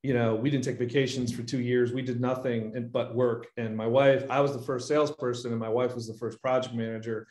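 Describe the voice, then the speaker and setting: A man chatting as a podcast guest, speaking at an ordinary middle pitch with a roomy echo around him. he tells his stories in an animated way and acts out the voices of people he quotes. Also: a little fast, few pauses. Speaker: guest, painting business owner. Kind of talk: casual interview storytelling.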